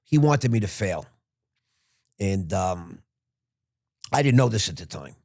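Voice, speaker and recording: In this dry, studio-quality clip, a man in his sixties speaks with a deep, creaky, somewhat dark voice, a bit slowly but with lively intonation. He's a podcast guest in a casual interview, telling a rambling, frank story full of restarts and the occasional curse.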